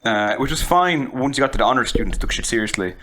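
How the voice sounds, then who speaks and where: A man's voice: medium pitch, lively intonation, fast talker, fairly bright tone. An Irish man co-hosting a podcast, chatting casually, joking and swearing a lot. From Ireland. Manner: sweary, jokey, laughs a lot. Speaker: podcast co-host. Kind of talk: casual chat.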